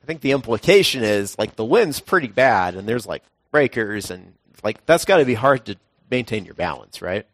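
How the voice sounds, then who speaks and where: A young man preaching a casual, conversational sermon, telling everyday stories and now and then acting out quotes in a sudden high voice. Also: very animated, moderate pace, few pauses, no room sound.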